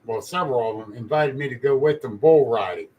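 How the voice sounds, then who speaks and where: A man's voice: mid-range voice, fairly quick, highs cut off. An older man, a grandfather, telling easygoing stories in casual chat and chuckling as he goes.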